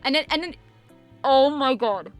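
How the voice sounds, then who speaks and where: A young woman, a streamer chatting casually and telling an embarrassing story in an animated way. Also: high-pitched, unhurried, faint music behind. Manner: animated storytelling with swearing and acted-out quotes. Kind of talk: casual chat.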